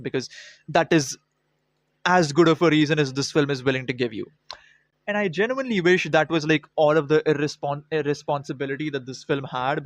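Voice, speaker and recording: A man's voice: fairly high pitch, dry recording. A man ranting through a film review vlog, sarcastic and heavily profane. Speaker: film critic.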